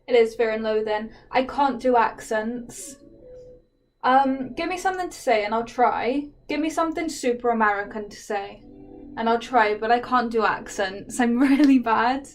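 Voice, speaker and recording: A woman's voice: fairly high pitch, moderate pace, soft background music. A woman chatting casually with viewers while she paints, self-deprecating and trailing off into ums. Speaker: streamer painting live.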